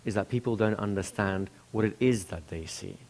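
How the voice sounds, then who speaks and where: A man voicing a gentle, clumsy old male kung fu teacher who speaks softly and without hurry. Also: lowish voice, natural voice. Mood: calm. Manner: soft, apologetic, unhurried.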